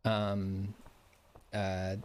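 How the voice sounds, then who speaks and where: A man's voice: deep voice, completely flat delivery, drawn-out words, clean tone. Rambling male voice actor chatting. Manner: rambling, many restarts and fillers. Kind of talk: casual chat.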